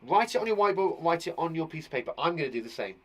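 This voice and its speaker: A man teaching young children, chatty and playful, slipping jokes between points. His voice sits a touch high. His pitch rises and falls freely as he explains. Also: big pitch swings, racing, fairly bright tone. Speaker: primary school teacher. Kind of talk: online lesson for young children.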